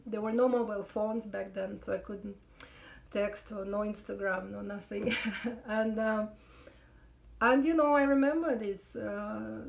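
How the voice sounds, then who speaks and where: A woman's voice: on the high side, vocal fry, darkish tone. Wry Russian-accented woman telling a story. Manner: chatty, wry, hesitant fillers. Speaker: comedian. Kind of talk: sit-down comedy storytelling.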